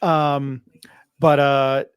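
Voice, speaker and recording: A man's voice: mid-range voice, little pitch movement, slow pace, clean tone, no echo. Rambling man hosting, dry sound. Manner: rambling, loses his train of thought. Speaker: podcast host. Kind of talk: casual sports chat.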